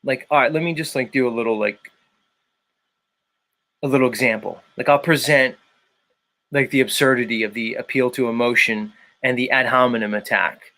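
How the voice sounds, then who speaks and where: A man's voice: mid-range voice, steady tone, moderate pace, long pauses, sharp tone. A man hosting a livestream in a casual chat, reading out viewers' names and arguing his points. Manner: reads out chat names, argumentative. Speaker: livestream host.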